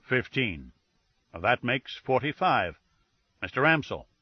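A man voicing an imperious older male detective who speaks in a measured, formal and precise way. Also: mid-range voice, very animated, husky, no echo, muffled recording, full character voice. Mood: formal, deliberate.

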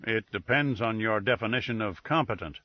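A man's voice: on the low side, brisk, dry recording, lo-fi sound, natural voice. A man voicing an uneasy male agency boss who answers in a reluctant, guarded way.

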